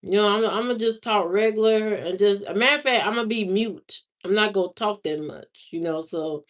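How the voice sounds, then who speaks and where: Slangy, relaxed woman chatting on a livestream. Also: mid-range voice, fairly quick. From Indiana, USA. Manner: slangy, drawling talk with lots of repeats and fillers. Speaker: livestream host. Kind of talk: casual chat answering live viewers.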